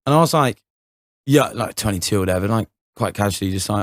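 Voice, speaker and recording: A young man rambles through an anecdote, stacking fillers and restarts and laughing often. His voice sits fairly low, and the sound is dry and close. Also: lively intonation, fast, no room sound. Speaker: podcast co-host. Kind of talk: casual chat, storytelling.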